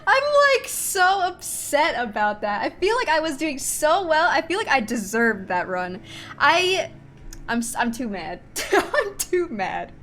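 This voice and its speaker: A woman's voice: on the high side, fairly bright tone. Fed-up swearing young woman streamer. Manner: swearing, exasperated venting. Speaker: game streamer. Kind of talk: casual live-stream commentary. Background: clear game music.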